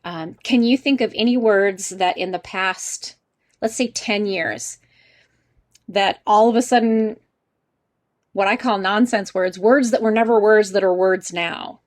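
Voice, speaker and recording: A woman's voice: medium pitch, measured pace. Chatty woman teaching an online class. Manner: chatty, laughs often, asks the class questions. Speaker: college English teacher.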